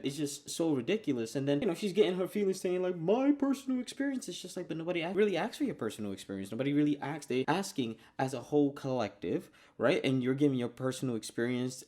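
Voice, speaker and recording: A man's voice: medium pitch, dark tone. A man giving casual reaction commentary in a blunt, mocking way, swearing freely.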